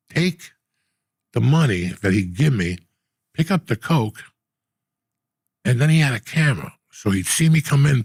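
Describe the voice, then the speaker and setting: A middle-aged man telling profane stories in a casual, animated way, acting out the people he quotes. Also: medium pitch, vocal fry, breathy edge, no echo, clean studio sound. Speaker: podcast host. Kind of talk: casual storytelling.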